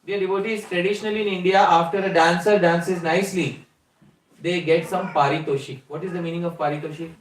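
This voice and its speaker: Male spiritual teacher, higher-pitched voice, explains and quizzes listeners, distant mic in a reverberant room. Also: steady tone, a little fast, slight background noise. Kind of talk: scripture lecture.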